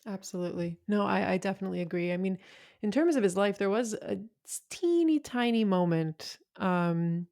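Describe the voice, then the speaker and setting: A woman guest on a film podcast, talking casually and eagerly with quick asides. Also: medium pitch, lively intonation, darkish tone.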